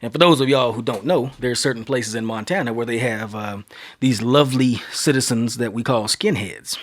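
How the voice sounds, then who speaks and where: A man from Texas in his thirties tells a long tale on his podcast in a loose, conversational way. He drifts and circles back, then his voice rises and speeds up as the action builds. His pitch sits in an ordinary middle range for a man. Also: moderate pace. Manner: animated storyteller, voice climbs when excited. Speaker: podcast host. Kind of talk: casual storytelling monologue.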